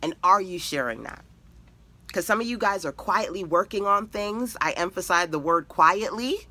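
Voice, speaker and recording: A woman in middle age who coaches women entrepreneurs, talking with bright, forceful energy. She drives her points home in emphatic repeated lists and speaks like a preacher on a live stream. Her voice stays firm and direct. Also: lowish voice. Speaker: web designer and mentor to women entrepreneurs. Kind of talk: motivational live-stream talk.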